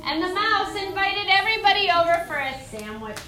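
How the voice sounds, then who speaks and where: A woman's voice: very high voice, sing-song, fairly quick, sharp tone, a little hiss or hum. A young woman leading a children's yoga class as a story, coaxing and sing-song, heard from a distance in an echoey room. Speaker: kids' yoga teacher. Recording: echoey room, recorded from afar.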